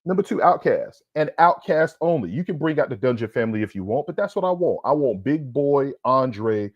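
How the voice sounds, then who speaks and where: A man hosts a podcast in a loud, hyped-up comedic rant, profane and full of repeated check-ins to his listeners. His voice sits at an ordinary middle pitch. The sound is dry and a little dull and lo-fi. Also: expressive, brisk, no echo. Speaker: podcast host.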